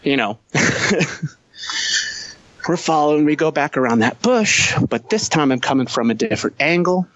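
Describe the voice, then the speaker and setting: A man's voice: on the high side, animated, normal speed, long pauses, fairly bright tone, no echo, lo-fi sound. A man who is a Marine veteran, telling a war story as a podcast guest, blunt and heavy on profanity. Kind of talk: casual storytelling.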